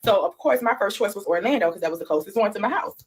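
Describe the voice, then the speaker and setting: Fast-talking woman telling a story. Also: mid-range voice, slightly rough. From Florida, USA. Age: 30s. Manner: animated, slangy, addresses viewers as y'all and child. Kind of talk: casual storytime chat.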